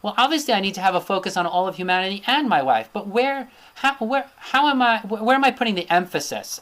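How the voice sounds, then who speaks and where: A male teacher gives a recorded lecture from his slides. He thinks aloud with plenty of fillers and often checks in with a quick tag question. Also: high voice, lively intonation, fairly bright tone. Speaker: Ayurveda teacher.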